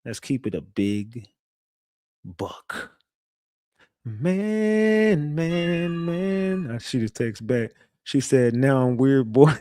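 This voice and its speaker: A man's voice: on the high side, sing-song, extremely slow, pauses often, darkish tone, no echo, clean studio sound. A man hosting a casual livestream, brash and trash-talking, who laughs often and reacts to chat messages. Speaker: livestream host.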